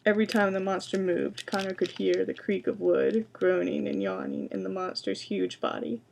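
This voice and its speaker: A woman giving a booktalk presentation, introducing books and reading excerpts aloud in a quiet, measured way. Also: mid-range voice, fairly even intonation, creaky, a little hiss or hum. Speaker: library science student presenting books.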